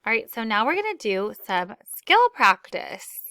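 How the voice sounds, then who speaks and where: A woman's voice: on the high side, very animated, unhurried, bright, forceful tone, smooth, dry recording, clean studio sound. A woman teacher leading a classroom lesson for children, upbeat and acting out example phrases.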